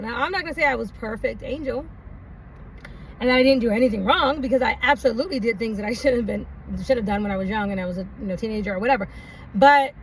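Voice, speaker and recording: A woman telling a personal story in a casual, rambling way, laughing often and using many fillers. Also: fairly high pitch. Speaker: vlogger. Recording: distant mic, faint background noise.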